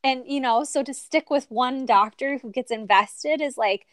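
A woman's voice: sits high, moderate pace, no echo. A woman hosting an interview, responding supportively and affirming her guest. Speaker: podcast host. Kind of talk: casual interview chat.

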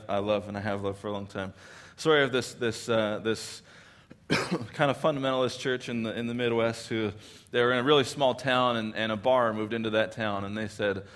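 A man preaching a sermon in a conversational way, often restarting his sentences and checking in with his listeners, and slowing down when he quotes scripture. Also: mid-range voice, a bit bright. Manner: conversational, many restarts and tag questions. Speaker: pastor.

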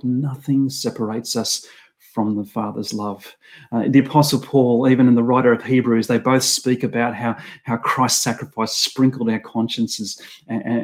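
A man's voice: mid-range voice, darkish tone. A middle-aged man preaching a sermon in an earnest, reflective way, often restarting and repeating his phrases.

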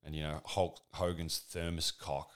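Casting: low-voiced man, rambling, profane, sardonic comedy monologue. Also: level tone, measured pace, fairly bright tone. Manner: rambling, crude, sardonic, full of fillers.

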